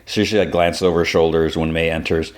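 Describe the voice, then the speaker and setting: A man's voice: extremely low pitch, little pitch movement, fairly quick. A man hosting a podcast, retelling a TV episode in a loose, chatty way, full of "like" fillers. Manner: loose storytelling with many "like" fillers. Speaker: podcast host. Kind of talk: casual episode recap.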